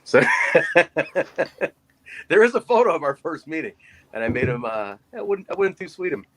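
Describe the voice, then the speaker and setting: Animated man telling a story. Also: fairly high pitch, normal speed, a little hiss or hum, poor audio. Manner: animated storyteller who acts out voices. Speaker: podcast co-host. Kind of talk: casual storytelling chat.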